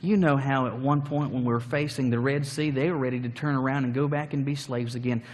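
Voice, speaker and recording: A man's voice: mid-range voice, steady tone, fairly quick, long reverb tail, lightly acted. A man voicing a flustered older man who makes excuses and shifts the blame. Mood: coaxing. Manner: pleading, excuse-making.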